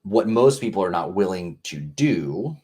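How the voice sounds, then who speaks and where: A man appears as a podcast guest, talking in a casual, earnest way and rambling with many fillers and restarts. His voice is low, husky, and mellow, with a deep tone and slightly rough texture throughout, and he speaks a little slowly with big pitch swings.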